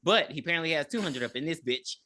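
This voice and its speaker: A woman in her thirties talks through a film's plot on a casual podcast, cursing freely as she goes. Her voice sits a little low but moves a lot, with a bright, forceful edge. She keeps the story moving while she complains about it. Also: lively intonation, fast. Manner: recaps plot with blunt profane asides. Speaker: podcast co-host. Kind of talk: casual movie review chat. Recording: audio podcast.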